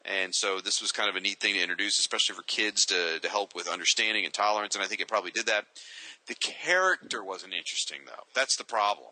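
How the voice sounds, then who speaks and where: A man's voice: lowish voice, fast talker, pushed and bright, low-quality recording. A man co-hosting a casual comics chat, opinionated and ranting. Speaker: co-host.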